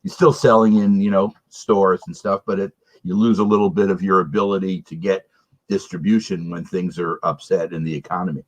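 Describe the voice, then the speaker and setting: A man co-hosting a casual beer tasting chat, explaining things in a measured way with filler pauses. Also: sits low, fairly even intonation. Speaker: beer reviewer co-host.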